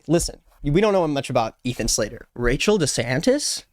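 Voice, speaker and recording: A man's voice: medium pitch, lively intonation, normal speed, few pauses, dry recording, clean studio sound, soft background music. A man in his twenties giving playful, jokey casual commentary as a YouTube host. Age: 20s. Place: Los Angeles.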